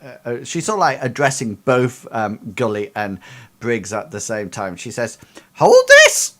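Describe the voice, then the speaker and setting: Male game master, midrange voice, halting narration. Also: mid-range voice. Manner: hesitant, lots of fillers and restarts.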